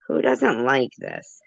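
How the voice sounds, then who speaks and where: A woman's voice: rumbling low, creaky, no echo, muffled recording. A woman hosting a casual livestream trivia chat, playful and giggly. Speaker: livestream host.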